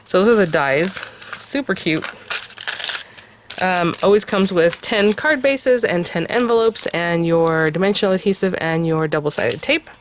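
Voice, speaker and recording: Female craft vlogger, 30s, casual, excitable, slightly low pitch. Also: a little slow, slight background noise. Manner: chatty and gushing, many fillers. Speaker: craft channel host. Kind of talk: casual unboxing review.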